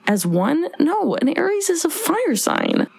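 A young woman co-hosting a casual movie podcast, animated and quick to slip into exaggerated quoted voices. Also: very high voice, creaky, no room sound. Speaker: podcast co-host.

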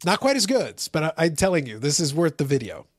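A male podcast host chats in a casual, teasing way. His voice is lively and swoops around, sitting a little high. The sound is dry and close to the mic. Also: fast, no echo. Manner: animated, playful, teasing. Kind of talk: casual chat.

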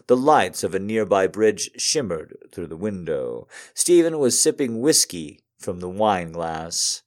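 A man reading a romantic story aloud to an audience in a calm, measured way with soft pauses. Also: low-pitched.

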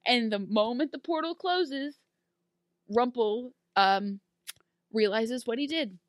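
A lively woman chats through a TV recap, jumping into the characters' lines with animated energy. Her voice sits a little high and sounds dry, close to the mic with no room around it. The talk is casual and conversational. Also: no room sound. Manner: animated, acts out characters' lines in quick bursts. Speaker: podcast co-host. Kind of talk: casual recap chat about a TV show.

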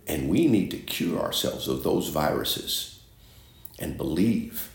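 A man's voice: a bass voice, expressive, takes it slowly, vocal fry. A man preaching a sermon, reading scripture and repeating phrases for emphasis. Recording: echoey room.

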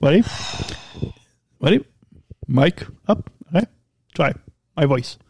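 A man co-hosting a podcast, playful and teasing, talking fast with lots of restarts. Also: a little high, vocal fry, slightly rough, no echo. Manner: energetic, talkative. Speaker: podcast co-host. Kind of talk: casual chat and ad reads.

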